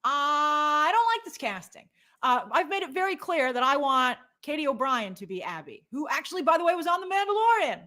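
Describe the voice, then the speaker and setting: A woman's voice: high voice, sing-song, a little fast, bright, forceful tone. A middle-aged woman co-hosting a movie news show in casual chat, opinionated and reading out viewer comments and polls.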